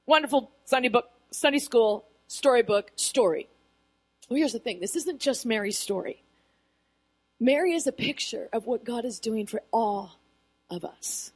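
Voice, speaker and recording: High-voiced woman preaching a lively sermon. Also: a little slow, husky. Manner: animated storytelling, conversational asides. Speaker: pastor.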